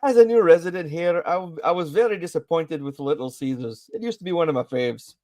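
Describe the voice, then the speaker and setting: A man's voice: fairly high pitch, a little fast, darkish tone, no echo, close to an everyday voice. A man voicing a woman customer as he reads aloud her complaint about bad service. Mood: complaining. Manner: complaining, reading a review aloud. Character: grumpy woman customer with a put-on accent.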